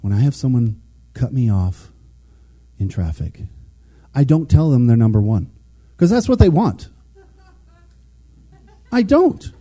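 This preacher has a medium-pitched voice and an unhurried delivery, pausing often. His sermon is casual and conversational, and he animatedly acts out little quotes as he goes.

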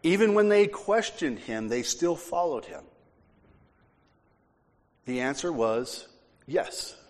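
A man preaching a sermon as pastor, emphatic and forceful, with casual asides. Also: on the high side, sing-song, slow. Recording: long hall reverb.

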